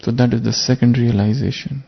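Earnest man, gravelly sermon voice. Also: medium pitch, fairly even intonation, a little fast. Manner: earnest, reflective, poses rhetorical questions. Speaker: spiritual teacher. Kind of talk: sermon with parable. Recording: muffled lo-fi recording.

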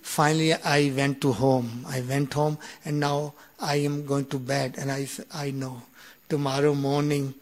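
A man in his fifties telling a personal story, halting and full of restarts, acting out the quoted dialogue. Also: medium pitch. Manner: animated retelling with acted-out quoted dialogue; halting, with many restarts and "you know". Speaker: speaker sharing a personal story.

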